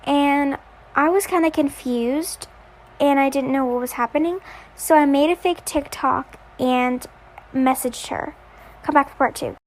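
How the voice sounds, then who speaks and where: A woman's voice: sits high, a little slow. A young woman casually telling a personal story in parts, hesitant with many fillers.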